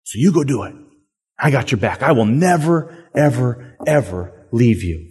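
A man voicing a gentle, reassuring Jesus giving a pep talk, speaking soft and low in a sermon. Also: lively intonation, normal speed, husky. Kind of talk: sermon with acted quotes. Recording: long hall reverb.

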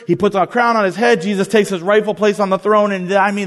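A man preaching a sermon to a crowd, telling the story in a lively, casual way with slang. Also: high voice, fast, hardly any pauses. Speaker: pastor. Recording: long hall reverb.

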